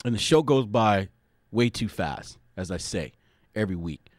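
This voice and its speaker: A man's voice: lowish voice, lively intonation, normal speed, no echo, studio quality. A man hosting a sports talk radio show, brash and opinionated, tacking "man" onto his sentences. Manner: brash, ends phrases with "man".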